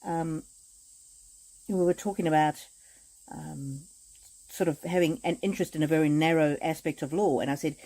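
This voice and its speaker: A woman chatting with viewers on a live stream as an oracle card reader, speaking in gentle, repetitive affirmations with frequent hesitations. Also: deep voice, moderate pace, pauses often, rough recording.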